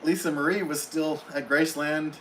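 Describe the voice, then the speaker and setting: A man's voice: fairly high pitch, fairly even intonation, moderate pace, pushed and bright, slight background noise, low-quality recording. A man hosting a casual live stream from home, reading viewers' comments aloud and answering each one in a friendly, chatty way.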